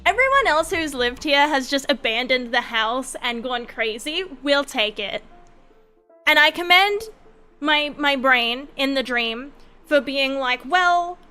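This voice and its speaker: A tired young woman streamer chatting casually on a late-night stream, rambling through a story with lots of fillers and animated asides. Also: high voice, measured pace, faint music behind.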